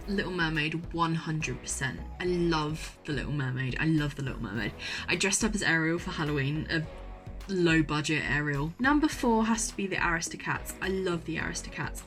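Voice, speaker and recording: A woman's voice: deep voice, fairly bright tone. A young woman in casual chat to camera, gushing and enthusiastic, often repeating herself, speaking from her university bedroom. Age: young adult. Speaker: vlogger.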